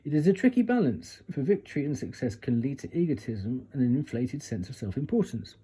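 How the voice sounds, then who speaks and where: A man's voice: mid-range voice, very animated, a little fast, few pauses, mellow, husky. A man doing a casual tarot reading, reading passages aloud from a guidebook and breaking off for chatty asides and retakes. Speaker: tarot reader.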